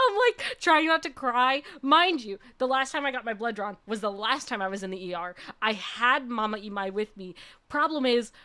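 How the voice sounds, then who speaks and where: A young woman VTuber telling a story in a casual, animated way, laughing often and checking in with "okay?". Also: fairly high pitch, clean tone. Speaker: VTuber streamer.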